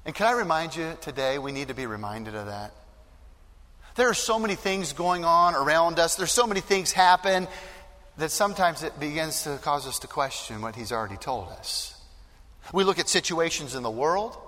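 A man's voice: fairly high pitch, expressive, moderate pace, sharp tone, long reverb tail. A male pastor giving an earnest, emphatic sermon, often repeating phrases for weight.

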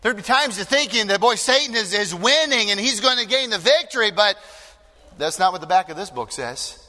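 A man's voice: high-pitched, lively intonation, brisk, sharp tone, long reverb tail. A male pastor giving an earnest, emphatic sermon, often repeating phrases for weight.

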